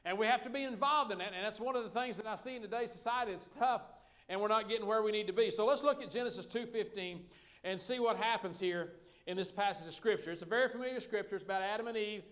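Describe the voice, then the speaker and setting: A man's voice: high-pitched, quick pace, fairly bright tone. A middle-aged man preaching a sermon as pastor, folksy and joking with the congregation.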